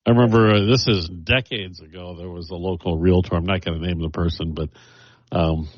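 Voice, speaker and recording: A man hosting a casual radio chat, adding dry humor in short remarks. His voice is low, and the studio sound is dry and muffled. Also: steady tone, a little fast, no echo. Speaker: radio host.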